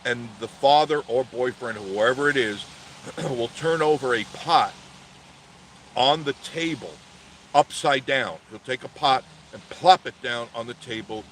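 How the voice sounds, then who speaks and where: A man's voice: medium pitch, a bit bright, a little hiss or hum. A man hosting a casual vlog, telling a story in a rambling way with many restarts and self-corrections. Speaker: channel host.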